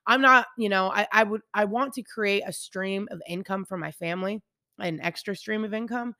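A woman's voice: medium pitch, gravelly, sharp tone, no echo, studio quality. A woman in her thirties hosting a podcast, talking candidly and rambling to her listeners about faith and daily life. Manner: candid, rambling, addresses listeners as you guys. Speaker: podcast host. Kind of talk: casual devotional podcast chat.

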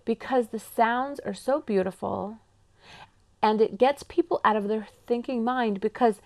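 A woman yoga teacher giving an animated, enthusiastic teaching talk, slowing to drawn-out calm phrases. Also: fairly high pitch. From Pacific Northwest.

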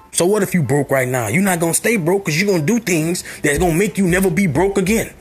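A man delivers a motivational sermon in a somewhat high, husky voice. He repeats short phrases again and again and climbs toward shouting at the peaks. Faint music plays underneath. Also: fast talker, hardly any pauses. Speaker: motivational speaker.

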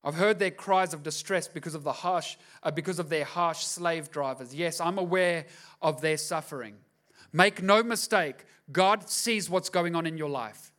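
A man's voice: a little high, normal speed, a bit bright. A male pastor preaching a sermon, telling the story casually with slangy, acted-out asides to his congregation.

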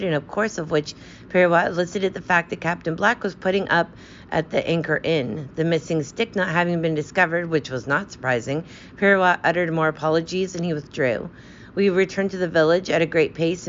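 A woman narrating a detective story in an even, steady reading voice. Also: low voice, fairly quick, dull audio, a little hiss or hum. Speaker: audiobook narrator.

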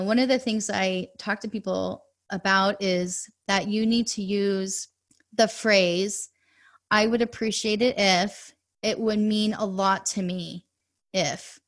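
A woman in her thirties, a money coach, chatting as a guest on a podcast interview and telling stories with quick asides. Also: mid-range voice.

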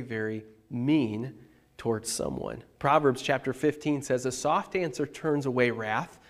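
A man, the pastor, giving a conversational sermon, animated and emphatic, talking straight to his congregation. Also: a little high.

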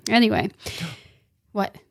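Woman, co-host, casual reflective faith chat, affirming, thoughtful. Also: slow pace. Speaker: podcast co-host. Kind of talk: casual conversational discussion.

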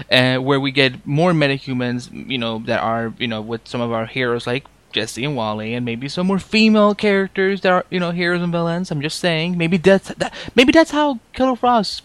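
A man's voice: on the high side, animated, normal speed, fairly bright tone, dry recording. A man co-hosting a podcast, chatting casually about a TV episode, joking and rambling and trailing off with asides. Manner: rambling, joking, trails off with "I'm just saying". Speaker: podcast co-host. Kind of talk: casual fan review chat.

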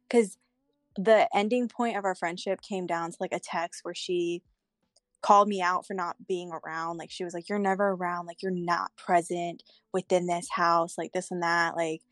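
A woman's voice: lowish voice, dry recording, clean studio sound. A young woman telling a candid story in casual chat, swearing freely.

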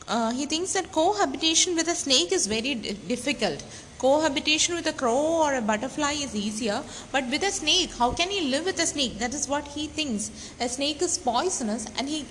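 A woman teaching a literature lesson, explaining a text with frequent pauses and restarts, and reading quotations slowly. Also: sits high. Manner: many fillers and restarts, reads quoted passages slowly. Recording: roomy reverb, faint background noise.

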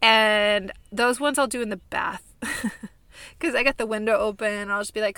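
A woman's voice: mid-range voice, a little slow, bright, forceful tone, smooth, no echo. A young woman from California co-hosting a podcast, chatting casually with lots of fillers and laughs. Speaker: podcast co-host. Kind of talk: casual chat.

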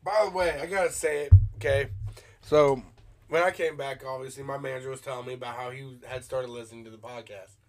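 A man's voice: mid-range voice, fairly even intonation, fairly quick, soft background music. A man hosting a casual podcast, chatting in a loose way and swearing casually. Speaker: podcast host. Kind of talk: casual chat.

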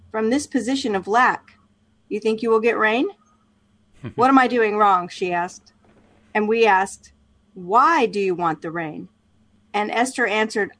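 A woman co-hosting a casual talk show, reading a book aloud in a measured, thoughtful way. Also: medium pitch, no room sound. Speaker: podcast co-host.

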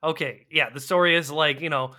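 A man talks through a bad movie with a co-host in loose, profane chat. His voice sits a bit high and sounds bright and forceful. He gets animated and laughs often. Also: brisk. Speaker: podcast co-host. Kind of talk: casual movie-review chat.

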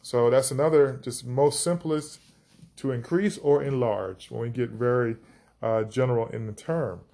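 A man's voice: mid-range voice, steady tone, moderate pace, creaky, mellow. A man teaching scripture on a podcast, enthusiastic, stretching out key words for emphasis. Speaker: preacher.

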